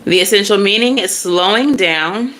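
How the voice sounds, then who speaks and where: A woman doing a casual tarot reading, animated and slangy, laughing often as she talks. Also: mid-range voice, normal speed, a little hiss or hum. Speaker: tarot reader.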